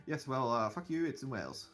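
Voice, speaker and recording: A man's voice: medium pitch, sing-song, moderate pace, fairly bright tone. A man running a tabletop session as game master, his voice swinging up and down as he argues with his players. He sounds exasperated and swears freely, with faint music in the background. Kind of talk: casual tabletop banter.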